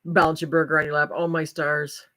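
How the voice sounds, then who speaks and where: A woman's voice: low voice, flat delivery, fairly quick, bright, forceful tone. An older woman hosting a livestream, chatting casually with viewers and breaking into folksy exclamations. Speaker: livestream host.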